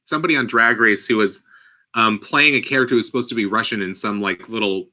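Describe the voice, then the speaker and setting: A man's voice: on the low side, quick pace, pushed and bright. A man co-hosting a casual live movie chat, rambling and playful as he tells stories. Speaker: co-host.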